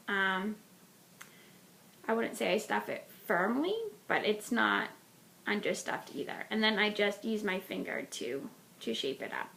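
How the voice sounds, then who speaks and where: A woman's voice: mid-range voice, vocal fry, fairly bright tone, a little hiss or hum. A woman hosting a knitting podcast, chatting casually about a project with lots of ums and restarts.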